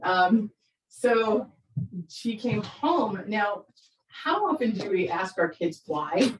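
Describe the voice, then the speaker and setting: A woman's voice: mid-range voice, slow, slight background noise. A middle-aged woman speaking to an audience about parenting, telling stories and acting out the voices in them. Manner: animated, acts out quoted voices. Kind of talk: storytelling talk to an audience. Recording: roomy sound from far off the mic.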